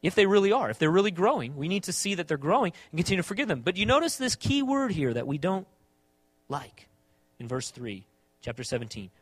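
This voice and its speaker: A man with a notably high voice delivers a sermon as a pastor. He leans on rhetorical questions, dropping low and quiet, then rising into forceful emphasis. The sound is dry, with almost no room around it. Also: very animated, a little fast, husky, dry recording. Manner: rhetorical questions, swings between soft and emphatic.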